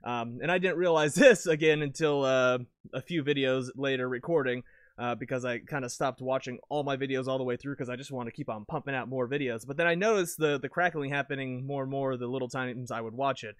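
A man talking casually about his recording setup into a lavalier mic at home, rambling and correcting himself with sudden bursts of excitement. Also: medium pitch, fairly quick, clean tone, no room sound. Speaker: video creator. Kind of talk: casual gear talk to camera.

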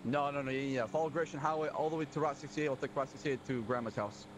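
Guy rattling off directions quick, lively, bit of noise under him. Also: medium pitch. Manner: quick directions, repeats words. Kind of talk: crime role-play, navigating. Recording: audible background noise.

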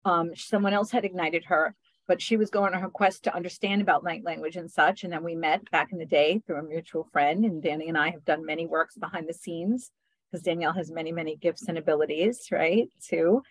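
A woman hosting a spiritual group video call, talking gently and affectionately, often adding "right?" and soft laughs. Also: fairly low pitch, fairly even intonation, a little fast, no echo, low-quality recording. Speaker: spiritual session host.

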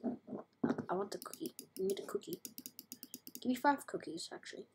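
A woman's voice: on the high side, expressive, normal speed, gravelly, noisy background. A woman giving casual, playful, chatty commentary while playing a video game, full of slang. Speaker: game streamer.

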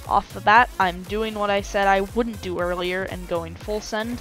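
A woman's voice: mid-range voice, steady tone, normal speed, few pauses, a bit bright, soft background music, rough recording. A woman giving casual gameplay commentary, self-mocking, with frequent exclamations and sighs of relief.

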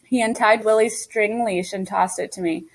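A woman reading a children's novel aloud in first person, steady and story-paced. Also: medium pitch, normal speed, poor audio. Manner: steady storytelling as a young girl. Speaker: audiobook narrator. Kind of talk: scripted first-person audiobook narration.

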